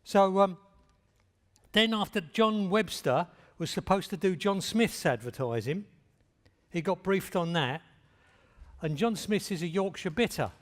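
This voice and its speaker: An older man giving an anecdotal talk, telling stories in a plain, direct way. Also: high voice. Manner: plainspoken storytelling. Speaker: speaker at a talk. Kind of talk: anecdotal lecture. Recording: long reverb of a large hall.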